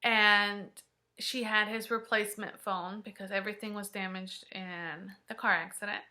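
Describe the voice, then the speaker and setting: A woman vlogger telling a personal story in an emotional, halting way, sometimes dropping to a hush. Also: mid-range voice, level tone.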